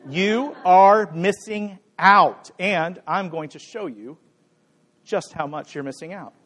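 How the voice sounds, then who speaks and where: A man's voice: high-pitched, slow, a bit bright. A middle-aged man preaching a sermon, conversational and playful, joking with his congregation. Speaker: pastor. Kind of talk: sermon with a live demonstration.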